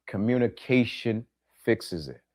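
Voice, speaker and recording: A middle-aged podcast host speaks in a mid-range, slightly mellow voice, expressive and a bit slow. He delivers a reflective monologue plainly to his audience, using repeated key phrases for emphasis and questioning listeners directly.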